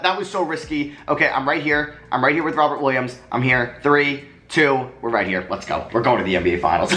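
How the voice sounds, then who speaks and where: A young man giving live commentary while playing a basketball video game, swinging from muttering to excited yelling. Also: mid-range voice, fairly quick, few pauses, slight background noise. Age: young adult. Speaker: gaming commentator.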